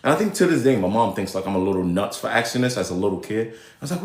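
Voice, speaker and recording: A young adult man from Nigeria hosting a live show in casual commentary, animated and rambling, often cutting himself off. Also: lowish voice, very fast. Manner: animated, rambling, self-interrupting. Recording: echoey room.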